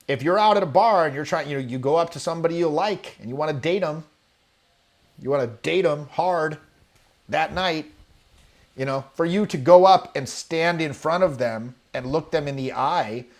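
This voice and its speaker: A man teaching charisma to camera, lively and demonstrative, acting out examples and swearing casually. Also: a little high, normal speed. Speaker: charisma coach. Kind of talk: animated coaching talk to camera. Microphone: webcam or camera, video talk.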